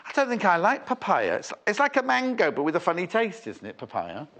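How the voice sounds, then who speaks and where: British male shopping channel host, higher pitch, very animated, chatty and rambling. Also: brisk. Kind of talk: live TV selling chat.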